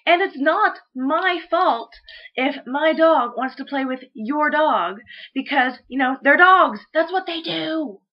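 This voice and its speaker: Casting: high-pitched woman, blunt swearing vlogger, dull lo-fi webcam sound. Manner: blunt and profane, ranting. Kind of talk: casual rant vlog.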